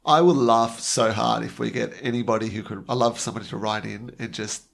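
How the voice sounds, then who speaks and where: A man's voice: lowish voice, steady tone, brisk, vocal fry, fairly bright tone. A man co-hosting a casual podcast about video games, good-humoured and speaking to the listeners. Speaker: podcast co-host. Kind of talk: casual chat.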